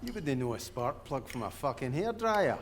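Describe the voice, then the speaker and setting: An actor playing a gruff, hot-tempered Scottish electrician on an oil rig in a video game, with a gravelly, sweary way of talking. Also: male voice, medium pitch, big pitch swings, normal speed, a little hiss or hum, close to an everyday voice. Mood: wry. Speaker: game character.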